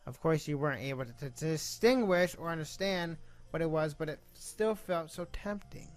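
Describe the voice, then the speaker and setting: A man's voice: on the high side, normal speed, faint music behind. Young male gaming host, reads the game aloud, goes off on self-mocking rambling tangents. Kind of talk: reading a visual novel aloud with commentary.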